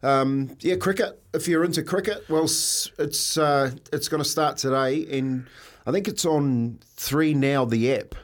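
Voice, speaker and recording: A man's voice: a little high, measured pace. A New Zealand man co-hosting breakfast radio in a studio, bantering in a laid-back, rambling, teasing way.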